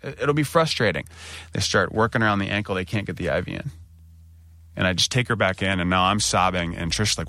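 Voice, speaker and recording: A man's voice: low-pitched, fast, pushed and bright, no echo. A man casually telling a story on a podcast, acting out his own anxious outbursts.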